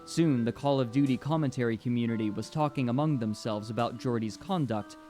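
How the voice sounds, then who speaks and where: A man reading scripted documentary narration in a measured, even storytelling way. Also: medium pitch, faint music behind.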